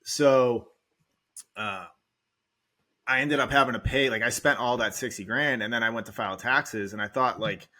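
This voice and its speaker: A man's voice: medium pitch, moderate pace, bright, forceful tone. A man, telling his story candidly as a podcast guest, full of "like" fillers and close to tears. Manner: rambling, heavy "like" filler, emotional. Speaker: real estate investor guest.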